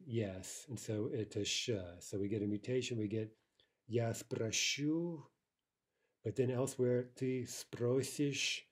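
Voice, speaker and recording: A man teaching a recorded language lesson. He explains step by step, often asks "right?" and says the example words slowly and carefully. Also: medium pitch, mellow, slightly rough.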